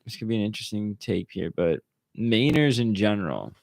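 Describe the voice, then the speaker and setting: A young man from Maryland, a guest on a podcast, talking in relaxed, rambling casual chat with many "like"s. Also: lowish voice, brisk, gravelly, no room sound. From Maryland, USA. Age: young adult.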